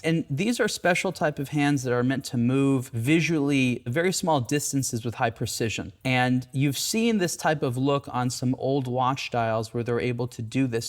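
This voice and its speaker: A man hosting a relaxed conversation about watches, talking with enthusiasm and frequent fillers. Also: medium pitch. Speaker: host, watch editor. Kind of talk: casual conversation.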